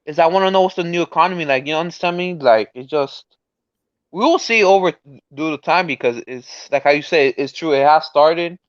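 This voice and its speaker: A man's voice: on the high side, fairly quick, no echo, dull audio. A male guest in casual chat, rambling with restarts and often asking if he is understood.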